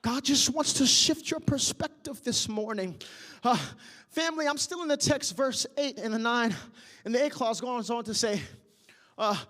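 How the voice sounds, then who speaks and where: A preacher giving a sermon in rhythmic repeated phrases punctuated by "huh," swinging between shouted peaks and hushed near-whispers. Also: medium pitch, normal speed, big-room sound.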